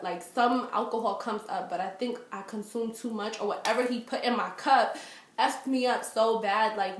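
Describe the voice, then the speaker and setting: Chatty woman in an echoey room. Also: medium pitch. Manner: animated, lots of fillers, acts out quoted voices. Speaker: vlogger. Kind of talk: storytime vlog.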